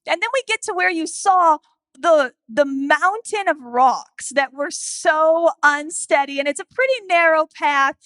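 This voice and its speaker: Casting: woman pastor, 30s, high bright voice, animated storyteller, dry close sound. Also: unhurried, no room sound. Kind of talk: sermon with personal story.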